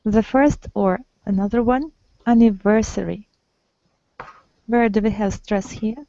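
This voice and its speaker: A woman's voice: medium pitch, a little slow, dark tone, dull audio. Patient woman teaching English online. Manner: patient, prompting and correcting students. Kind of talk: online group language lesson.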